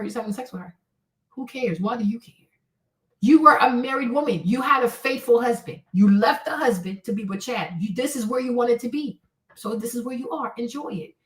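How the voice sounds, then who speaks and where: A woman's voice: fairly high pitch, reverberant, far from the mic. A woman hosting a livestream, handing out blunt relationship advice in a brash, profane, mocking way. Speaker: livestream host.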